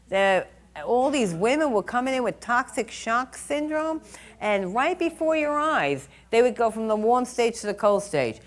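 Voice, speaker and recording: An older woman with a somewhat high voice lectures on critical care nursing. She talks in a chatty, emphatic way and drives her points home with stories from the ward. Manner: animated storyteller, chatty and emphatic. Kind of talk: lecture with anecdotes.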